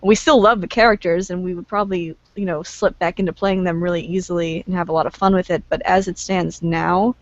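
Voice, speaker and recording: A podcast co-host talks casually and rambles, filling pauses with fillers. The voice sits mid-pitch, and the sound is dry and a little dull. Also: steady tone, no echo. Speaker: podcast co-host, tabletop game player.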